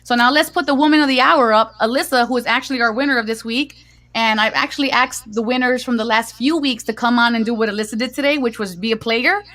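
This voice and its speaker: A woman from Puerto Rico hosts the show, affirming her guests and steering each segment along. Her voice sits a bit higher than most women's. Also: quick pace, fairly bright tone. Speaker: host. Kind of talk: spiritual talk show hosting.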